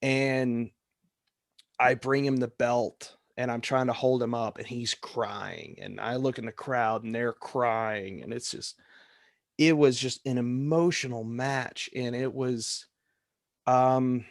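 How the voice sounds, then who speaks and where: A man with a middle-range voice tells a story on a podcast, recorded close and dry with no room sound. He works as a wrestling referee and gets animated, jumping up in pitch when he acts out his counts and calls. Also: slow, long pauses, no room sound.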